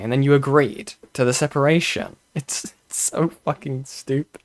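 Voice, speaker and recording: A streamer hosting a casual commentary session, tossing out mocking asides between clips. The pitch moves in lively swings, up and down through every remark. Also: normal speed, few pauses.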